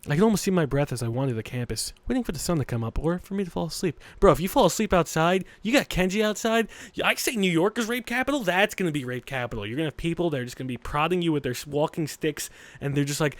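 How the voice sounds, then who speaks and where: A man's voice: on the high side, expressive, fast talker, no room sound. A man hosting a let's play, reading a visual novel aloud with crude, rambling joking asides.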